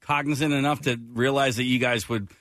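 A man's voice: mid-range voice, fairly even intonation, a little fast, a bit bright, dry recording. A man co-hosting a casual radio show, talking in a playful way and laughing easily.

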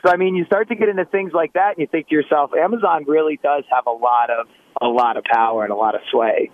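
A male caller to a talk radio show, speaking in a casual, musing way with some halting restarts. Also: fairly high pitch. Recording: dull phone line.

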